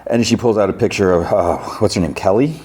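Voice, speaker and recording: A man's voice: on the low side, a little fast, a little mellow, slightly rough. A man hosting a podcast, casually recapping TV scenes in a rambling way and retelling them with "he's like.". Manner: rambling, paraphrases scenes with "he's like" and laughs at himself. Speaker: podcast host.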